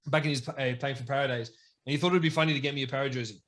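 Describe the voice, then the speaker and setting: A young man in his twenties with an Australian accent, co-hosting a casual chat with excitable, enthusiastic reactions. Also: medium pitch, racing, a little hiss or hum. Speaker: podcast co-host.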